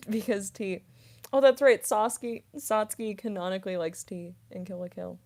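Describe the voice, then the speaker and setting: Streamer, woman, mid-twenties, low-ish voice, unhurried, chatty with filler words. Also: creaky. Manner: soft-spoken, rambling with many fillers and giggles. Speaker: voice actress streamer. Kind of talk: casual livestream chat reading comments.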